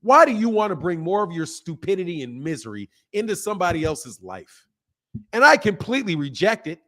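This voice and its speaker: A man in his fifties hosting a boxing live stream, ranting at his chat in an animated, exasperated way. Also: high voice, brisk. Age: 50s. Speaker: boxing channel host.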